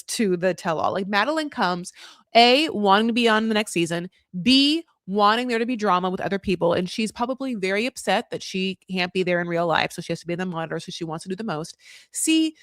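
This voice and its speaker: A woman's voice: mid-range voice, a bit bright, no echo, studio quality. An American woman recapping a reality show in a chatty, sarcastic way, full of asides and restarts. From United States.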